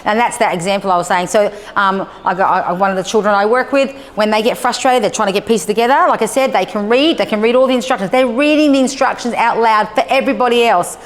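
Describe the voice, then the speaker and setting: A woman giving a live talk to homeschool families, a lively storyteller who acts out conversations and checks in with her listeners. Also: mid-range voice, fast, hardly any pauses. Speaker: presenter. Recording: long hall reverb with faint noise.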